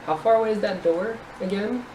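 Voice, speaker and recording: A player in a tabletop game, easygoing and quick to laugh. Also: mid-range voice, darkish tone. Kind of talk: casual tabletop play. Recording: distant echoey mic with noise.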